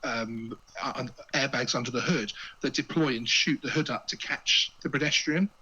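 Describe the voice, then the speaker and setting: A man's voice: medium pitch, moderate pace, sharp tone, slightly rough, dull audio. A man, a guest chatting casually with jokey asides and repeated words as he gets going. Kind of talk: casual chat.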